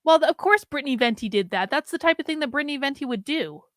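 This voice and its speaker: A woman hosting a casual reaction show, chatting in quick, gossipy asides. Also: high-pitched, lively intonation, a bit bright, no room sound, clean studio sound. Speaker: host reacting to clips.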